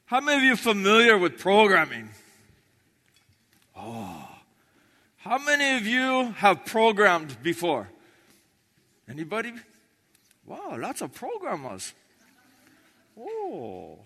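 Lively high-voiced comedian, echoey hall. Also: male voice. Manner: clipped broken English with chanted shouted name lists. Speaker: stand-up comedian. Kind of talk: live stand-up with a broken-English stage persona. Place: stage in a large hall with an audience.

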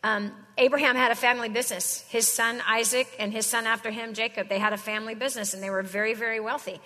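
Bright-voiced woman preaching casually in a hall. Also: a little high, flat delivery, fast. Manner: slangy, chatty storytelling. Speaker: Christian speaker. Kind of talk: casual sermon.

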